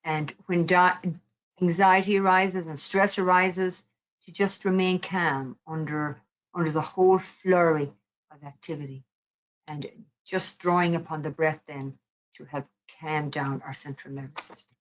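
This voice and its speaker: Calm mindfulness teacher, a woman with a low voice and a gentle, unhurried delivery; slightly dull recording. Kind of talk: guided mindfulness talk.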